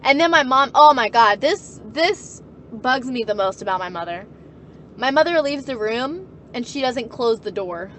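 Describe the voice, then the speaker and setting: A woman's voice: fairly high pitch, expressive, moderate pace, fairly bright tone, a little hiss or hum. A woman in her twenties chatting casually and bluntly, swearing freely and laughing often. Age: 20s. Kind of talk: casual chat.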